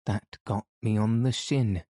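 A man voicing a gruff village police constable who talks bluntly, drops his aitches and keeps accusing. It is a character voice in an audiobook reading. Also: lowish voice, fairly even intonation, unhurried, mellow, no echo. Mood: indignant.

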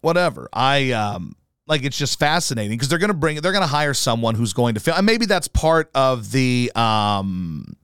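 A man's voice: mid-range voice, very animated, moderate pace, a bit bright, clean tone, no room sound, clean studio sound. Profane ranting male podcast host. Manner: profane, combative, rambling.

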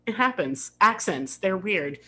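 An American woman co-hosting a podcast in casual chat, wry and quick to laugh. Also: medium pitch, lively intonation, pushed and bright, husky. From United States. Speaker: podcast co-host.

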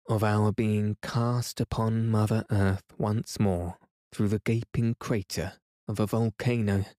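A man narrates a sleep story in an even, soothing voice, taking his time over every sentence. His voice sits a little low. The recording is dry and close. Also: dry recording. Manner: slow, soothing, even reading. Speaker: bedtime story reader.

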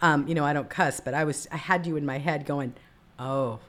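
A woman with a notably low speaking voice hosts a political talk show. She talks emphatically, dropping into quiet, low murmurs and then leaping up into bright exclamations. Her chat stays casual and animated. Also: quick pace.

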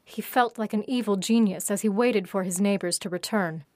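A woman narrating her own story in a steady, even reading voice. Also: medium pitch, moderate pace, dry recording, clean studio sound. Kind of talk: audiobook narration.

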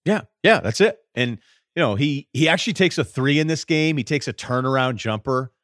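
A man co-hosting a sports podcast, telling game stories casually and dropping his voice low to mimic the people he quotes. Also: lively intonation, a little fast, a bit bright, dry recording, clean studio sound. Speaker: podcast co-host.

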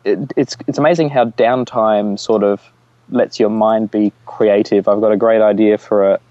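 A man's voice: on the low side, fairly even intonation, moderate pace, dark tone, dry recording. Man joking casually over a dull line. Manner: joking, playful put-on Australian voices. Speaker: podcast co-host. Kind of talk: casual chat. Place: outdoors on holiday.

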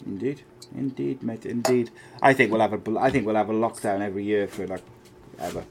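A man's voice: on the low side, steady tone, fairly quick, vocal fry, a little hiss or hum. A man co-hosting a podcast in chatty, joking casual banter, full of fillers. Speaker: podcast co-host.

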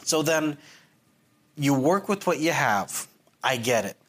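A man's voice: on the high side, big pitch swings, takes it slowly, a bit bright. A man in casual conversation who stumbles and repeats words, then argues playfully over how words are said. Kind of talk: casual banter.

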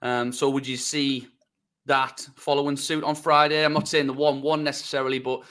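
A man hosting a casual podcast, chatting and teasing his guest in a relaxed way. His voice sits at an ordinary middle pitch. He calls himself pessimistic about his own team. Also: moderate pace. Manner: teasing, self-described pessimistic. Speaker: podcast host.

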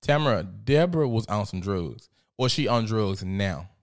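A man's voice: on the low side, expressive, normal speed. Profane, gossipy male commentator. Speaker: commentary host. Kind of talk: casual commentary.

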